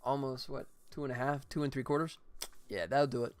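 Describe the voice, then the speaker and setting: A man's voice: mid-range voice, fairly even intonation, fairly quick, clear, resonant tone, dry recording, soft background music. A man streaming his game development, chatting casually, laughing often and thinking aloud as he works. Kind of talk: casual livestream chat while building levels.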